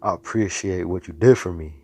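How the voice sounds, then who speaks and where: A man's voice: deep voice, moderate pace, darkish tone, husky. A man voicing a subdued young male classmate who speaks in a laid-back, mumbling way.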